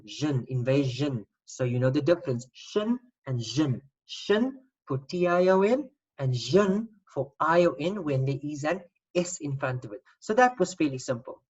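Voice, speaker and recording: A teacher giving an online spelling lesson, patiently sounding out words and repeating them slowly. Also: medium pitch, muffled recording.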